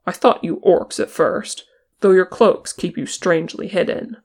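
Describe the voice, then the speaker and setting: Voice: mid-range voice, fairly even intonation, unhurried, close to an everyday voice. A reader voicing a proud, suspicious male horse-lord captain with a guarded, bitter manner in an audiobook. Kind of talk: audiobook character reading.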